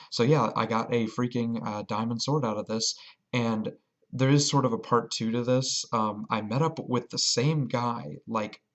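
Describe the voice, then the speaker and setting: A man telling a rambling, excited story about a game in a casual vlog. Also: mid-range voice. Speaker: vlogger.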